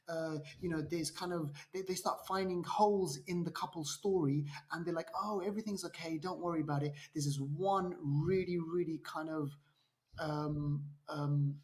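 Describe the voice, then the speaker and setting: A man's voice: a little high, moderate pace. A man co-hosting a podcast, casually retelling a film plot with lots of restarts and acted-out lines. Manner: animated storyteller, acts out quotes, many restarts. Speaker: podcast co-host. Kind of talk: casual film review chat.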